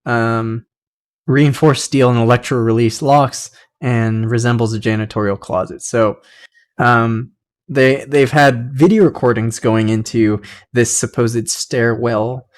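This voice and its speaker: A man's voice: medium pitch, unhurried. A young man hosting a podcast, casually reading aloud and rambling with side comments. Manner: rambling, many fillers, laughs at own asides. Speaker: podcast host.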